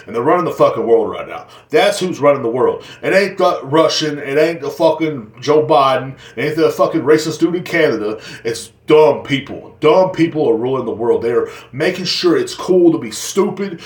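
A man's voice: medium pitch, animated, fairly quick. A man hosting a podcast alone, talking in a casual, rambling and profane way while joking as he goes. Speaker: podcast host. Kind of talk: casual solo rant. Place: seated indoors in a chair. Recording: roomy echoing room.

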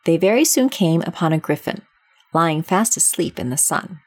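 A woman narrating a classic children's storybook in a measured, expressive reading. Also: low voice, no room sound.

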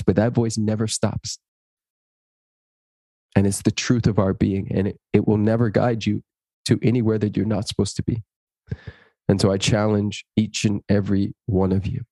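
A man with a fairly low voice, recorded clean and dry in a studio, is a guest in an interview. He tells a personal story with animation, acting out the dialogue in it.

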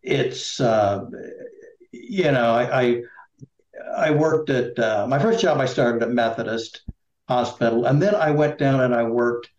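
A man's voice: medium pitch, unhurried, a little mellow, roomy sound, dull audio. A middle-aged man from Indiana, a political candidate, talking casually in an interview with lots of fillers and restarts. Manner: rambling, many fillers and restarts.

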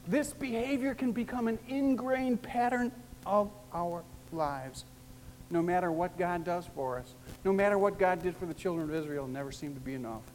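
A pastor preaching a sermon, emphatic and repetitive, with wide swings in pitch and loudness. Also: moderate pace. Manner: emphatic, repeats key phrases, big swings in pitch and loudness. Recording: long hall reverb with faint noise.

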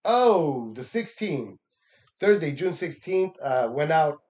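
A man's voice: on the high side, very animated, slow pace, a little mellow. A young man, a stand-up comedian from Texas, giving a loose, profane recap of his week, laughing often and acting out what people said. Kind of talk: casual recap monologue.

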